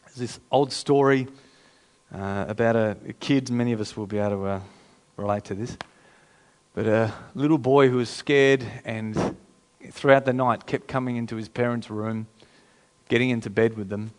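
A pastor preaching a sermon in a conversational, emphatic way, repeating phrases for effect. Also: male voice, mid-range voice, steady tone, normal speed, darkish tone.

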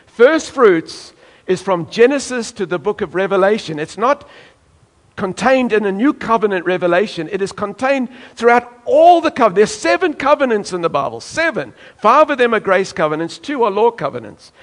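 A man's voice: sits high, very animated, normal speed. A man from South Africa preaching a sermon emphatically, now and then acting out voices from the congregation. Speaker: pastor.

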